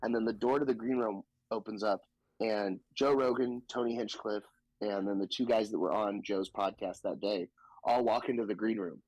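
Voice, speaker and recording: He's a comedian from the Southern US, chatting on a podcast and recounting stories with profane, animated energy while voicing the people he quotes. His voice is lowish and his speed normal. There's no echo, but the recording is low quality.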